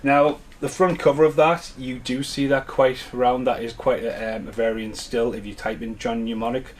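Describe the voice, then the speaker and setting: A man's voice: mid-range voice, fairly even intonation, moderate pace. Man chatting through an unboxing. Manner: chatty, rambling, enthusiastic. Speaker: home media collector vlogger. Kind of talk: casual unboxing chat. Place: at home.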